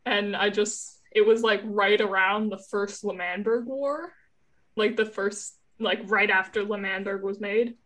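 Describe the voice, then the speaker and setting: A young woman chatting casually as a fan, hesitant and quick to laugh. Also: mid-range voice, steady tone, fairly bright tone. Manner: laughing, hesitant, lots of fillers. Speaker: fan interviewee. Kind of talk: casual chat.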